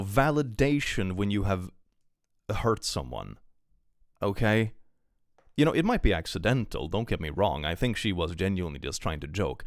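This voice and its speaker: A young man with a low voice that climbs and dips freely reads online posts aloud on his live stream. He stops to rant about them and swears freely. The sound is dry and close to the mic. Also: dry recording. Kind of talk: casual live-stream commentary.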